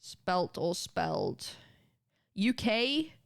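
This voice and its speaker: A young British woman streaming and chatting casually with her chat, animated and quick to laugh, with casual swearing. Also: mid-range voice, gravelly. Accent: British English. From United Kingdom. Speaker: livestreamer.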